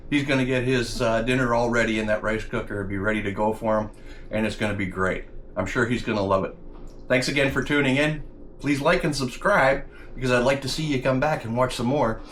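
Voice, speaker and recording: A man's voice: medium pitch, fairly bright tone, a little hiss or hum. A man hosting a casual cooking video, chatting to viewers as guys and tasting his food with pleased hums. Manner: talks while tasting, with mm sounds. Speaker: cooking channel host.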